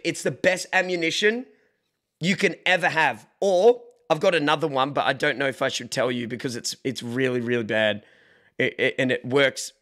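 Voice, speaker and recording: A young man streams from home on a desk microphone. His voice is bright and sits somewhat high. He chats casually, jokes with chat and breaks into playful shouts. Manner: animated, joking, bursts of mock shouting. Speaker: livestreamer.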